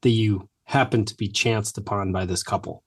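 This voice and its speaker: A man's voice: on the low side, steady tone, normal speed, husky. A man co-hosting a podcast, joking and bantering playfully. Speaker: podcast co-host. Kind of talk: casual chat.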